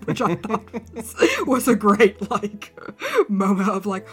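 Giggly woman retelling a dark tale. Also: mid-range voice, steady tone, takes it slowly, breathy edge, soft background music. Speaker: podcast co-host. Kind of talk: casual storytelling chat.

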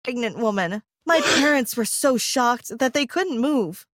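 A woman's voice: on the high side, animated, measured pace, no echo, faint music behind. A young woman narrating a first-person story in a dramatic, emotional style.

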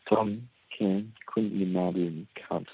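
A man's voice: sits low, fairly even intonation, extremely slow, a little hiss or hum. A man leaving a jokey voice message for a podcast. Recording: tinny phone voice message from off mic.

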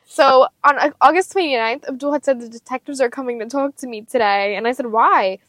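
Female co-host, high voice, dry close mic, quick giggly reactions. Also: fairly bright tone, no room sound. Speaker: podcast co-host. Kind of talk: casual chat.

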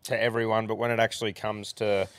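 This is a low-pitched Australian man with a clean, smooth voice who hosts the show. His questions ramble a little and he laughs easily, recorded close and dry in a studio. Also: level tone, fast talker, dry recording. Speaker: podcast host. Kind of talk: casual podcast interviewing.

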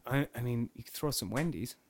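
A man improvising as a customer stuck in a car in a comedy sketch, bantering in a deadpan, mock-serious way. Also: medium pitch, a little fast.

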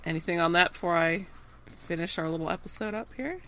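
A woman's voice: on the low side, fast talker, bright, forceful tone, a little hiss or hum. A woman co-hosting a casual recap podcast, retelling scenes and acting out the characters' lines with laughs. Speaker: podcast co-host.

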